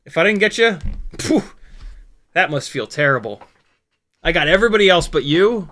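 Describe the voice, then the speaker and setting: A man's voice: a little high, lively intonation, brisk, pushed and bright. A man hosting a casual live stream, rambling and jokey, swearing freely and stumbling over his words.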